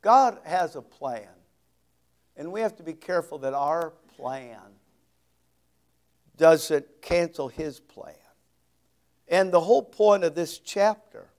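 A male pastor preaching an expository sermon, reading scripture slowly with heavy emphasis and dropping folksy asides. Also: on the high side, darkish tone.

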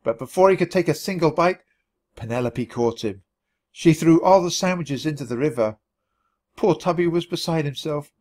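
Expressive man reading a storybook. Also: a little high, moderate pace. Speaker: storybook reader. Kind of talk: storybook narration for learners.

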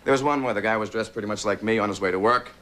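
A man from Boston doing an animated stand-up routine on a TV studio stage. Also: on the low side, very fast, a little hiss or hum. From Boston, Massachusetts. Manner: animated, does many character voices. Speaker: stand-up comedian. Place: TV studio stage with live audience.

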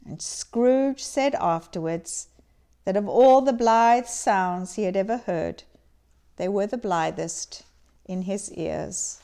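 Slow expressive lady reading a classic story aloud. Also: mid-range voice, clear, resonant tone. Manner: expressive, measured narration. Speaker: reader.

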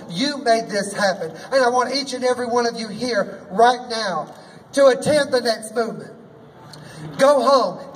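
A man's voice: very high voice, a bit bright, distant mic, slight background noise, poor audio. A man performing as a drag queen emcee, hosting a rally with a sassy, folksy manner and rallying the crowd. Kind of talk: rally speech. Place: outdoor rally.

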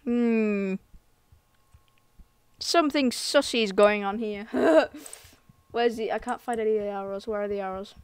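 A woman streaming a game live, talking casually to viewers, excitable and giggly, full of slang. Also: mid-range voice, unhurried, long pauses, clear, resonant tone, no echo. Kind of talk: casual live gameplay commentary.

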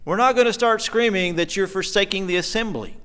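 Earnest preacher, emotional and emphatic. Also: male voice, high voice, fairly quick, fairly bright tone, clean tone. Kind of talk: sermon. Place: church sanctuary.

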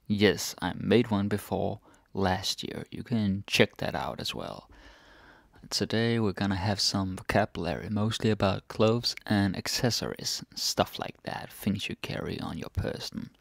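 A man with a Danish accent teaching a relaxed vocabulary lesson, repeating each word and tagging lines with a questioning "eh?". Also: fairly low pitch, creaky, no room sound, studio quality. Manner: relaxed, repeats words slowly, tags sentences with "eh?".

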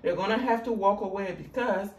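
A woman with a West African accent reading tarot cards in a lively, sassy way. Her voice swoops up and down as she teases and jokes. The recording sounds roomy and set back from the mic, with a faint hiss underneath. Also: brisk, far from the mic. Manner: sassy and animated, with big swoops in pitch and laughter. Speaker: tarot reader. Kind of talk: casual tarot reading to camera.

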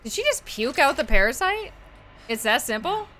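A woman's voice: high-pitched, big pitch swings, moderate pace, sharp tone, a little hiss or hum. A woman casually commenting on her own gameplay, exclaiming and swearing often as she plays. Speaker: gaming channel host.

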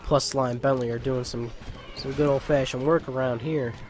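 A man's voice: medium pitch, steady tone, normal speed, a little mellow, faint music behind. A young man giving casual, rambling, joking gameplay commentary into a home mic. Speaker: let's play host. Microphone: home mic with pop filter.

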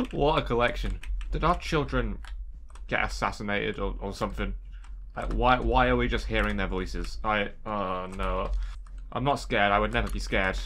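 A man giving joking, excitable commentary while playing a game, often breaking into startled yelps. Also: lowish voice, measured pace, slight background noise. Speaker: gameplay streamer. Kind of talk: casual let's-play commentary.

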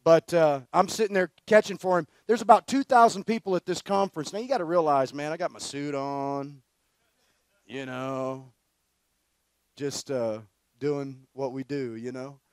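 A man preaching at a conference, telling a story in a loose, slangy and energetic way, full of fillers. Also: fairly high pitch, moderate pace, smooth, dry recording. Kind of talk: storytelling sermon.

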